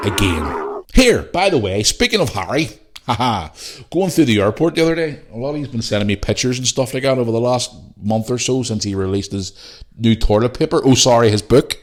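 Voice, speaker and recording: A man's voice: mid-range voice, expressive, a little fast. A man with a Northern Irish accent hosting a solo podcast, ranting bluntly and swearing freely. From Northern Ireland. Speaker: podcast host.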